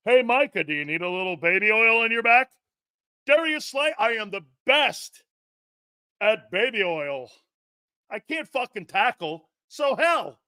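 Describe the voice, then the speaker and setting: Male sports talk host: high-pitched, loud, mocking, foul-mouthed ranter. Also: no room sound, studio quality. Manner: loud, mocking and profane, often breaking into shouts and laughter. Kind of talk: brash sports talk rant.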